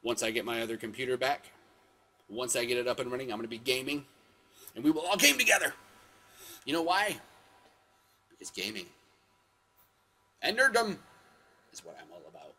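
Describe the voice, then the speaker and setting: This vlog host speaks a little fast, with lively intonation and long pauses, in a pushed, bright, medium-pitched voice. He tells rambling stories on his own show, correcting himself as he goes and throwing in sudden exclamations.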